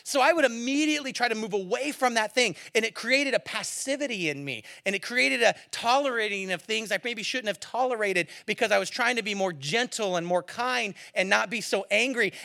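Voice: mid-range voice, vocal fry, pushed and bright. A pastor preaching a sermon with rising passion, building to fiery emphasis and then settling back.

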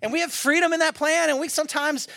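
A man preaching a sermon in a conversational, animated way, swinging from hushed near-whispers to loud emphatic bursts and asking rhetorical questions. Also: extremely high pitch, quick pace, gravelly. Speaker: pastor.

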